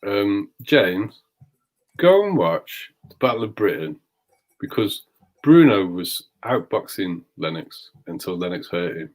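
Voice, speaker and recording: A man's voice: lowish voice, sing-song, slow pace. A man co-hosting a boxing talk, firmly disagreeing and making his case. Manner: firm, argumentative. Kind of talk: casual boxing debate.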